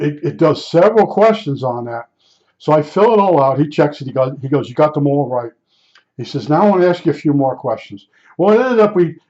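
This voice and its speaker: Older guy from jersey telling a long story, kinda high voice, lots of uhs, muffled lo-fi sound. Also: darkish tone. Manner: rambling, conversational, many fillers and restarts. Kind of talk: casual personal anecdote. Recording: dull lo-fi recording.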